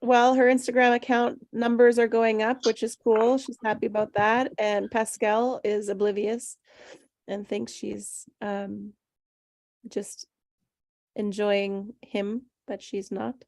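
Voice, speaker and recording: A woman's voice: medium pitch, level tone, slow, a little mellow, no room sound. A woman on a video call casually recapping a group story, with a hesitant manner and many fillers.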